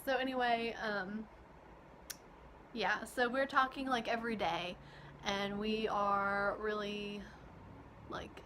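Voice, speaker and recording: A woman's voice: mid-range voice, steady tone, slow pace, pauses often, sharp tone, a little hiss or hum. A young woman from Kentucky telling a personal story in a casual, chatty storytime vlog with frequent giggles. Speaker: vlogger.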